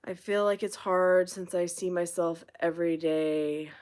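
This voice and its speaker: A woman's voice: fairly low pitch, steady tone, measured pace, darkish tone. Blunt, swearing woman coach. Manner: blunt, swears freely, emphatic and encouraging. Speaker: manifestation coach hosting a live Q&A. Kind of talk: casual live-stream advice, reading viewer comments.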